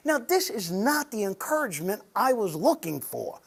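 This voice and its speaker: A man's voice: high-pitched, sing-song, moderate pace, vocal fry, a bit bright, breathy edge. A man giving a conversational sermon to a men's group, earnest and personal, speaking straight to the people in the room. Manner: earnest, personal, addresses the audience directly. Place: meeting room with a live audience.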